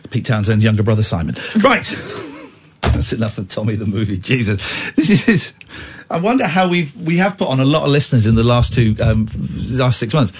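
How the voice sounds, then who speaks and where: A man hosting late-night radio chat, playful and teasing, jumping in with quick jokes. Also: medium pitch, very animated, breathy edge. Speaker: radio host.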